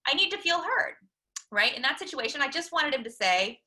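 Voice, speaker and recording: A woman speaks with a crisp, bright tone and a slightly high pitch, leading a counseling webinar. She explains ideas through everyday personal examples, pausing often with "um" as she thinks. It sounds like an online talk over shared slides. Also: very animated, poor audio. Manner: personal examples, frequent "um" pauses. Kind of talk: conversational webinar lecture.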